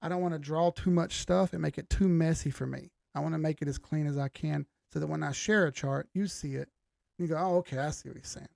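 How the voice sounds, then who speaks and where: A man's voice: a little high, fairly even intonation, brisk, vocal fry, darkish tone, no room sound, studio quality. A middle-aged man, hosting a live stream in casual chat, greeting viewers by name with a laid-back manner and the occasional swear. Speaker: livestream host.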